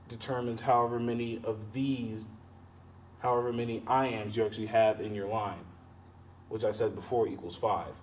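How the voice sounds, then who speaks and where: A man teaching poetry meter, explaining slowly with pauses and self-corrections. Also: lowish voice. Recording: distant mic with faint background noise.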